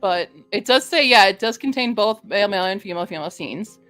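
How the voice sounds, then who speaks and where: Brief: mid-pitched woman, book-stream host, chatty, reads synopses aloud. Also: animated, fast, fairly bright tone, no room sound, faint music behind. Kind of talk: casual live-stream chat and reading aloud.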